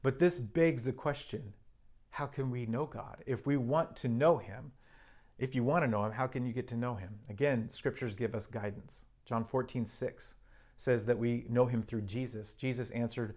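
A man's voice: mid-range voice, moderate pace, darkish tone. A man preaching a sermon, earnestly reading and explaining scripture with emphasis.

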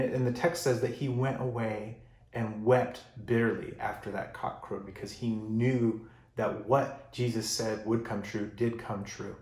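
A male pastor preaching a sermon, telling a story with lively emphasis and going quiet for the solemn parts. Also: medium pitch, reverberant. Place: church.

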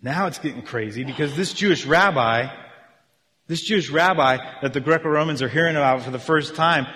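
Animated male preacher in a reverberant hall. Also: a little high, brisk. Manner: animated, acts out reactions of listeners. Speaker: pastor. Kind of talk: sermon.

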